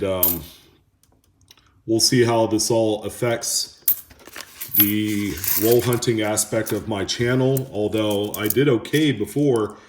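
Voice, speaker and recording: A man hosting a coin roll hunting video, chatting casually and haltingly to viewers as he sorts coins. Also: fairly low pitch, darkish tone, slight background noise. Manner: rambling, halting, talks to viewers. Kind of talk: casual chat while sorting coins. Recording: echoey room with coin clinking.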